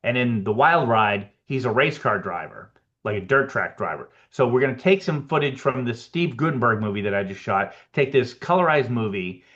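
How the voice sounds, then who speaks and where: Man telling lively anecdotes, lo-fi sound. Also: mid-range voice. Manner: animated anecdotes, reenacts conversations with "I'm like". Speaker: guest, production designer. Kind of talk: casual storytelling interview.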